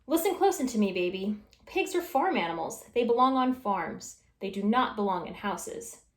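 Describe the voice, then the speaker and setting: A woman's voice: mid-range voice, animated, normal speed, lightly acted. Woman doing a bossy, stern old sister. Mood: lecturing. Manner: stern, lecturing, loud when angry. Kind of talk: storybook read-aloud. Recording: echoey room.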